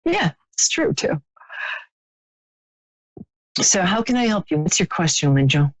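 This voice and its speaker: Chatty, halting woman doing psychic readings. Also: fairly low pitch, very animated, no room sound, poor audio. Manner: chatty, sympathetic, halting with many fillers. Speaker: psychic reader on live stream. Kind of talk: live stream reading with a caller.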